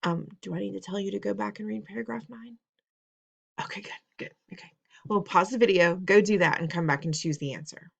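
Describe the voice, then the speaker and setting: Her voice is mid-range and gravelly, and she talks a little fast. She's a woman teacher in a recorded test-prep lesson, patiently leading students through reading test items, repeating steps, posing questions, and teasing them in a playful, instructive manner.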